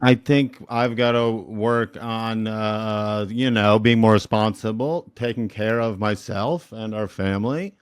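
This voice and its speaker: A man in his thirties speaks in a wry, deadpan way, slipping jokes into casual talk. His voice sits a little low. It is recorded close and dry. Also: unhurried, few pauses, clear, resonant tone, dry recording. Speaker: comedian guest in couples therapy talk. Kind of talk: casual chat.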